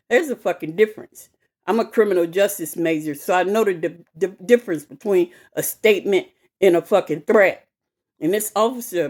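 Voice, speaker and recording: A woman telling a personal story to camera in an animated, emphatic way, swearing freely and repeating herself. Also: mid-range voice. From west side of Chicago. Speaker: vlogger.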